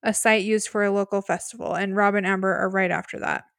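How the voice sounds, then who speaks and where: A woman's voice: medium pitch, steady tone, quick pace, creaky, dry recording. Giggly woman podcast co-host, dry sound. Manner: giggly, teasing, conversational. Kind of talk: casual rewatch chat.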